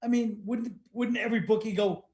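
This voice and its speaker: A man, a comedian hosting a casual chat, trading dry wisecracks and quick comebacks. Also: sits high, fairly even intonation, a little mellow. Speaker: comedian host and author.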